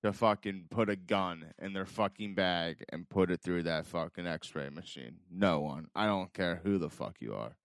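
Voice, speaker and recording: A podcast co-host with a low voice speaks at a moderate pace with few pauses, in clean studio sound free of room noise. He tells stories in casual chat, swearing a lot and acting out quotes.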